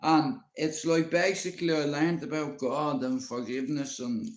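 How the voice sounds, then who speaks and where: A man's voice: on the high side, steady tone, moderate pace. A Dublin man in his fifties telling stories casually on a live stream, rambling and swearing with plenty of "you know". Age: 50s. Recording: roomy echo.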